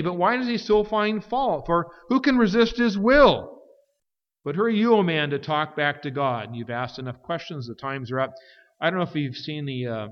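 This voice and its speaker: Emphatic preacher in a reverberant hall. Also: male voice. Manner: emphatic, rising to forceful peaks then dropping low. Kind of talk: sermon. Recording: dull sound with long hall reverb.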